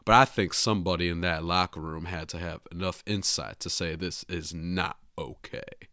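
A man putting on a drawling Southern detective voice, a grown gentleman sleuth who is sly and indignant. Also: low voice, fairly even intonation, moderate pace, no room sound, clean studio sound, pitched below the performer's own voice. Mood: measured.

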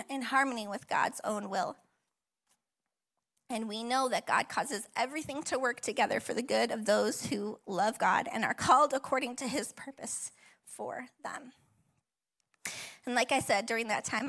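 Bright-voiced woman pastor, tearful and tender. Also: fairly high pitch, gravelly. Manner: emotional, tearful at times, warm and encouraging; conversational with frequent fillers and laughs. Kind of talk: personal testimony sermon. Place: church auditorium.

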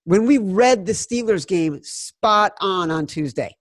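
A man in his forties, a podcast co-host telling a sports betting story and loudly acting out quotes. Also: high-pitched, expressive, slow, no room sound, clean studio sound. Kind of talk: casual sports betting chat.

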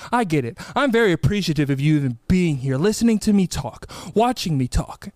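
High-voiced energetic male podcast host. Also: fairly quick, dry recording. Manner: energetic, rambling, gushing to listeners. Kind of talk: casual podcast intro chat. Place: podcast studio.

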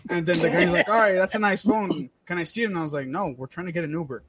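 A man's voice: sits high, fast, fairly bright tone, slightly rough. A man co-hosting a podcast, telling a story in casual chat and swearing freely. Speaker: podcast co-host. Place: podcast studio.

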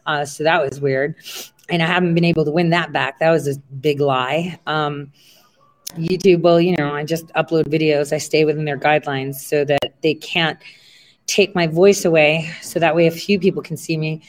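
A woman's voice: deep voice, fairly even intonation, moderate pace. Rambling woman streamer from Ohio. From Ohio, USA. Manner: rambling, with many fillers and asides. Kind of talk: casual livestream monologue.

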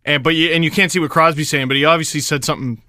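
Male podcast co-host, fairly high bright voice, sarcastic and lively, dry close mic. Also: dry recording. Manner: animated, sarcastic, quick to joke. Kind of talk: casual sports chat.

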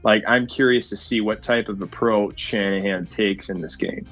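A man's voice: fairly low pitch, steady tone, normal speed, a bit bright, muffled recording, soft background music. A man talking as a guest on a sports podcast, breaking down football in long, analytical run-on lists.

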